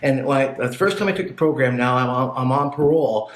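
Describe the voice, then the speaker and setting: A man's voice: medium pitch, fast. A man from Canada, a podcast guest, telling his life story in blunt, profane, casual talk. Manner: blunt and profane, acts out voices in his stories. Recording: echoey room.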